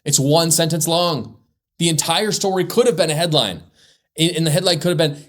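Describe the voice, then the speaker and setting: A man's voice: on the high side, fairly even intonation, moderate pace, roomy sound, far from the mic, poor audio. A male commentary host reading out news stories and tearing into them with heated, indignant rants.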